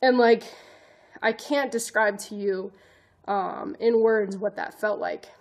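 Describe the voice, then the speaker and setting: A woman's voice: medium pitch, fairly even intonation, slow pace, a little mellow. A woman vlogger telling a personal story in an earnest, rambling way, full of "like" fillers and restarts. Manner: earnest, emotional, self-conscious. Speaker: vlogger, advocate and educator.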